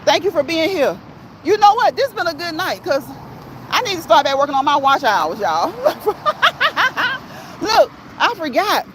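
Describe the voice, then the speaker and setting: Live-stream host walking outside, high bouncy voice, chatty and slangy, traffic noise behind. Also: very animated, normal speed, a loud crowd. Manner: chatty, laughs often, slangy. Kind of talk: casual live-stream chat while walking outdoors. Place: outdoors by a road, walking.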